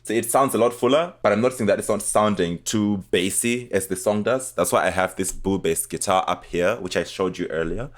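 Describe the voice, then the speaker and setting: Young male producer, low-pitched, easygoing tutorial read, faint music underneath. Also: a little fast, hardly any pauses. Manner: relaxed step-by-step explaining, often trailing off before playing sounds. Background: music playing between lines.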